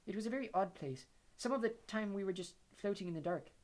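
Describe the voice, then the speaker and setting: Male reader doing a dreamy teen witch girl, soft and even, raised pitch; audiobook. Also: fast, close to an everyday voice. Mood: calm. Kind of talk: audiobook reading.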